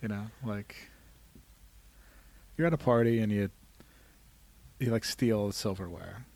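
A tired man co-hosting a podcast, talking in a rambling, jokey, excitable way. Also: lowish voice, slow, creaky, no echo. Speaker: podcast co-host. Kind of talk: casual chat.

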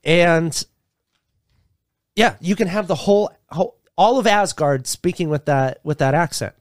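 A man's voice: fairly high pitch, measured pace, no echo. Joking man podcast co-host, dry mic. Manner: joking, laughs often, swears casually. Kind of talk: casual podcast banter.

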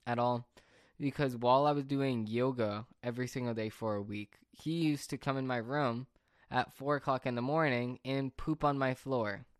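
A man's voice: mid-range voice, smooth, dry recording, clean studio sound. Young man telling a rambling story. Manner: rambling, animated anecdote with fillers and asides. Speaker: podcast speaker. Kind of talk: casual storytelling.

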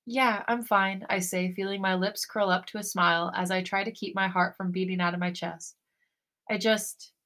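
A woman co-hosting a podcast, reading a romantic fan fiction story aloud in a soft, intimate way. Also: medium pitch. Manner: soft, breathy romantic reading, then gushing and giggly.

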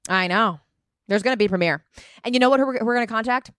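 A woman co-hosting a podcast in casual chat, playful and quick with quips, jumping up in pitch when excited. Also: smooth, no echo, studio quality. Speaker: podcast co-host.

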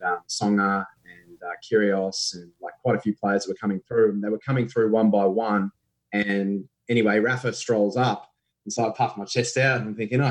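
A man's voice: lowish voice, rough recording. A young Australian man, a guest impressionist, chatting and telling stories on a podcast. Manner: chatty, storytelling, laughs easily. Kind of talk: casual podcast chat.

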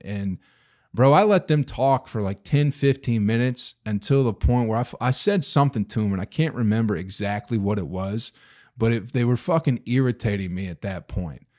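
A man in his thirties holds forth on his own podcast in a loose, rambling rant. He swears freely, sounds exasperated, and keeps firing rhetorical questions. His voice sits at an ordinary middle pitch for a man. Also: a little mellow. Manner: profane, exasperated, rambling storytelling; rhetorical questions, bursts of emphasis. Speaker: podcast host. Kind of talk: casual solo podcast rant.

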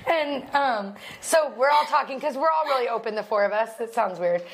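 A woman in her thirties co-hosting a podcast, telling stories in a teasing, animated way and laughing often. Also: on the high side, a little fast. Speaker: podcast co-host. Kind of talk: casual chat.

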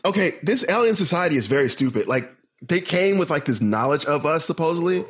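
A man co-hosting a casual movie-review chat, animated and swearing, laughing often. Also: a little high, a little fast, a little hiss or hum. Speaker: podcast co-host.

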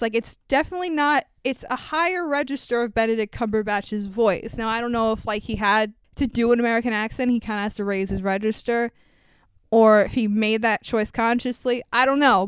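A woman with a high, smooth voice hosts a casual movie review chat. She is animated, laughs often and swears without a second thought, and the sound is close and dry. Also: no echo. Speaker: podcast host.

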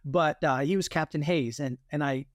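A guest who is a military veteran and artist gives testimony in an interview, telling his story as an animated storyteller who acts out quoted voices. His voice is on the high side at normal speed. The recording is studio quality with no room sound.

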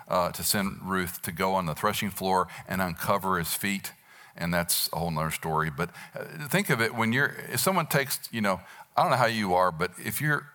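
An American pastor in his sixties preaches a sermon in a deep voice that sounds pushed and bright. He tells a Bible story, animatedly acting out the quotes.

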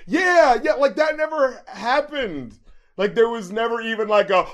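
A man with a slightly high voice hosts a casual podcast about rap records. He talks in an animated way, swearing freely and slipping into quick voices to act out lyrics. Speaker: podcast host and rap critic.

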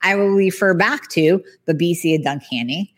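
A woman podcast host, a health practitioner, talking through lab results in a lively, conversational way. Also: fairly low pitch, normal speed, a little hiss or hum. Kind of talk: casual explanatory podcast talk.

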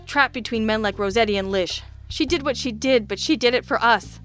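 A woman's voice: a little high, fairly quick, a bit bright, faint music behind, natural voice. A woman reading an audiobook, voicing a desperate middle-aged male official who snaps defensively and breaks into sobs. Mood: anguished.

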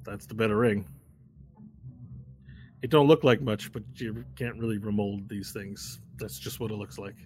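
A man's voice: lowish voice, steady tone, normal speed, pauses often, darkish tone, natural voice. A man voicing a smarmy, sweaty male casino schemer who coaxes and flirts in a wheedling way. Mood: persuasive.

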